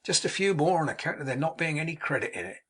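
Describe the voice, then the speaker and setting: A man's voice: on the high side, expressive, quick pace, fairly bright tone, breathy edge. A man voicing a cheerful, hearty young manservant with broad country speech, in a storybook reading. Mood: jolly.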